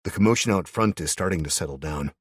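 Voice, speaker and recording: A man's voice: sits low, fast, husky, no room sound, studio quality. A man narrating a first-person audiobook in a tense, wry manner.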